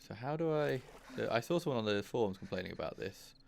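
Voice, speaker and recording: A man's voice: on the low side, big pitch swings, fast talker, gravelly, a little mellow, a little hiss or hum. A man hosting his own gaming channel, talking through his play casually, thinking aloud and swearing when frustrated. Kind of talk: casual let's-play commentary.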